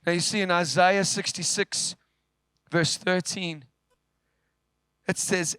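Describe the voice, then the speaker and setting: Man, preacher, high bright voice, animated sermon storytelling, dry close sound. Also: slow, long pauses, smooth, dry recording. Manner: animated storyteller, swings from loud to hushed. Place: church.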